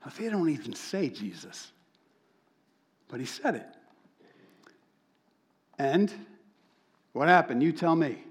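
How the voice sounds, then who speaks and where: Animated storytelling preacher, a man. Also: on the high side, takes it slowly, pauses often. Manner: animated storyteller, acts out quoted voices. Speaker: pastor. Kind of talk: sermon storytelling.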